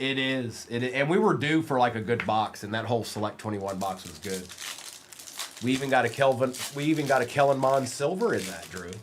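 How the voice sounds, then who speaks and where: Lively man hosting a card break. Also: medium pitch, a little hiss or hum. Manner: rapid name-reading, teasing viewers, bursts of excitement. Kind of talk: live-stream card break commentary.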